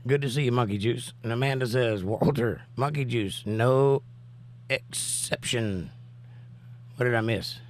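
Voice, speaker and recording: A man's voice: mid-range voice, brisk, hardly any pauses, a little hiss or hum. A man hosting a casual livestream, chatting and reading viewers' comments aloud, his voice still recovering from a cough. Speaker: livestream host. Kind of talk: casual live-chat commentary.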